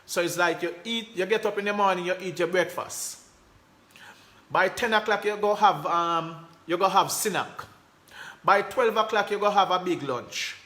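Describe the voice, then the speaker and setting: A man with a thick Jamaican accent talks straight to his viewers, repeating and stressing his points in a casual, animated way. His voice sits a little high and rings bright and forceful. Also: normal speed. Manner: animated, repetitive, emphatic, Jamaican patois phrasing. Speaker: host. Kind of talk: casual live-stream talk reading comments.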